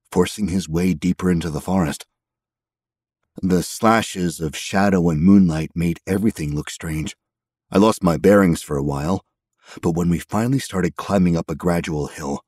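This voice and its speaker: A man reading a story aloud in the first person, measured and steady. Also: low-pitched, dry recording, studio quality. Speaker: audiobook narrator. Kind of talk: scripted story narration.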